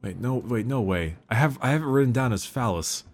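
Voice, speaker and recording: A man's voice: mid-range voice, expressive, fairly quick. A man hosting a podcast, chatting casually and stumbling over names with laughs. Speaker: podcast host. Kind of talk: casual chat.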